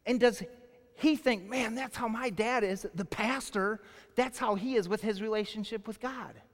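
A male pastor in his forties preaching a sermon, telling a personal story in an animated, casual way full of "like". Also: high voice, moderate pace. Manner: animated storytelling, colloquial, lots of "like". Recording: long hall reverb.

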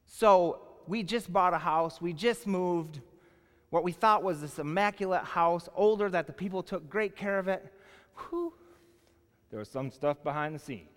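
A male pastor in his forties preaching a sermon, telling a personal story in an animated, casual way full of "like". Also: high voice, measured pace. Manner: animated storytelling, colloquial, lots of "like". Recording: long hall reverb.

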